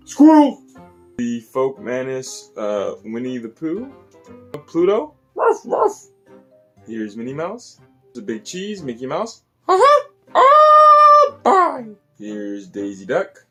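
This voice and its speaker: A man hosting a casual tour of his puppet collection, in a chatty, animated way. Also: medium pitch. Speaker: puppet collector and channel host.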